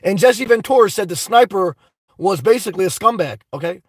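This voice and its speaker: A man runs a live stream, reading out viewer chat and ranting with excitement, cursing a lot and rambling with fillers. His voice sits high and moves fairly quickly. The recording is dry with no echo, but low in quality.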